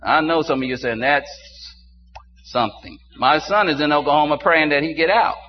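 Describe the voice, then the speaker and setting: An older man preaching a sermon to his congregation, dropping low and quiet and then rising into loud exclamations. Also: fast talker. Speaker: pastor. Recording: dull muffled sound with faint hum.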